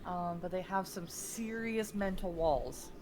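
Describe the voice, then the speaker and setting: Woman rambling excitedly in a tabletop game, hissy audio. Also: lowish voice, a little slow. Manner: animated, rambling. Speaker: player. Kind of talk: tabletop role-play chat.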